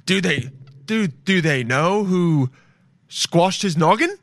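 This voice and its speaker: A prissy, overly proper townsman from centuries past, as a man puts him on, gossiping in a squeaky, lifted voice. He sounds mannered and fussy. The sound is dry and close. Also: animated, slow, a bit bright, no room sound, full character voice. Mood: prim. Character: prim old-timey gossiping townsman, man, adult.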